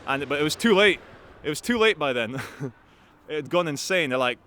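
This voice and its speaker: A man telling a story to camera in an animated, profane, rambling way. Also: mid-range voice, a little fast. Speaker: activist vlogger.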